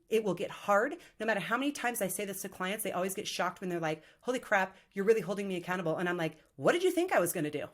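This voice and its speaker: A middle-aged woman hosts her own motivational podcast as a leadership coach. She talks in an energetic, emphatic and casual way, with a mild swear now and then. Her voice sits at a medium pitch for a woman.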